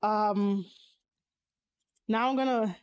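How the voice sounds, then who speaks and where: A woman in a casual, opinionated chat, reading viewers' comments aloud and answering them. She swears bluntly, uses a lot of fillers and laughs often, with sudden high-pitched exclamations. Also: darkish tone. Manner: blunt and profane, frequent fillers.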